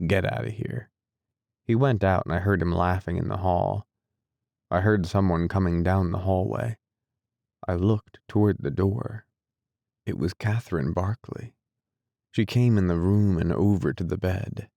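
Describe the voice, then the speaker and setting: A man narrating a classic novel as an audiobook, in a measured, deliberate reading style. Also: low voice, fairly even intonation, vocal fry, warm tone, no room sound. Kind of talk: scripted narration.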